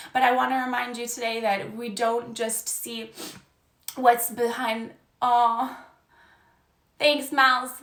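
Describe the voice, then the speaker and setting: A woman's voice: a little high, fairly bright tone. A young woman, a life coach, giving an earnest, encouraging message on a live stream. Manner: earnest and encouraging, reading viewer comments aloud. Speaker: life coach and podcast host. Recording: echoey room.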